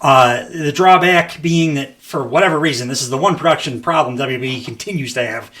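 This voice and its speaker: A man's voice: on the high side, fairly quick, sharp tone. A man hosting a casual wrestling podcast, rambling with lots of fillers, laughing often and swearing casually. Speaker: podcast host.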